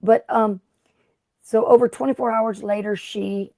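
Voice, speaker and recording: A woman's voice: on the high side, fairly even intonation, a little slow, creaky, mellow, dry recording, studio quality. A middle-aged woman hosting a casual craft livestream, rambling and chatty as she greets viewers by name. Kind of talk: casual live-stream chat.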